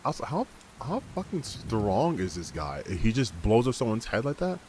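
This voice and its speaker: A man's voice: medium pitch, very animated, moderate pace, a little mellow, slight background noise. A man streaming a game, chatting and joking while testing a mock British enunciation. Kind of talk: gaming livestream commentary.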